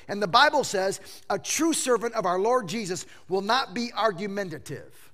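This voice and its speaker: A fifty-something man delivers a sermon in a bright, fairly high voice. His delivery is highly animated, dropping to hushed asides and then climbing to loud emphatic peaks. He stammers and repeats words when he presses a point. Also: normal speed, hardly any pauses. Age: 50s. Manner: animated preaching, swinging from hushed lows to loud exclamations. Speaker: pastor.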